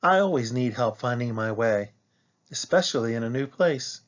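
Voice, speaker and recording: Reading a picture book to a class as their teacher, a man takes it slowly and expressively. His pitch sits in the middle, and the audio is dull.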